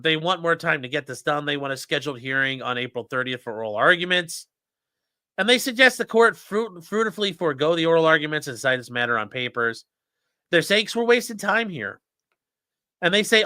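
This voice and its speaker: Profane, animated male livestream host. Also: on the high side, no echo, clean studio sound. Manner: profane, sarcastic, animated ranting. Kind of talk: casual livestream commentary.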